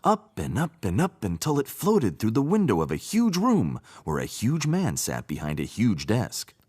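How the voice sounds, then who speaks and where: A man reading a children's story aloud, his fairly low voice rising and falling with very lively swoops. The reading is expressive and sing-song, made for young listeners. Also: normal speed, slightly rough. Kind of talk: storybook read-aloud narration.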